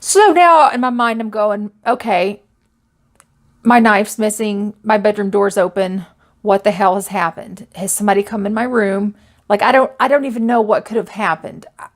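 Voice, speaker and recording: Woman, mid pitch, spooky personal story, nervous, halting, lots of restarts. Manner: anxious, halting, with many restarts and fillers. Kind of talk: personal ghost story told to camera.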